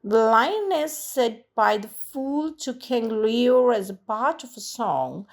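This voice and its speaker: Woman, literature teacher, high voice, slow and deliberate, spells out rhythms. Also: lively intonation. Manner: deliberate, stresses rhythm syllables aloud. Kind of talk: slow, read-aloud lesson.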